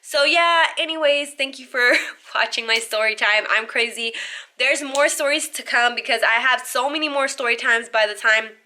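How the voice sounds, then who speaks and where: A young woman telling a storytime vlog to camera, animated and blunt, swearing freely and acting out the lines of others. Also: a little high, moderate pace. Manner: animated, blunt and profane, acts out quoted dialogue. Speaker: vlogger.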